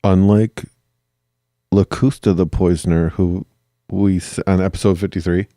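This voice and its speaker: Joking low-voiced male podcast co-host. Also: steady tone, unhurried, mellow, dry recording, clean studio sound. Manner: joking, playful, acts out scenes in silly voices. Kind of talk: casual chat.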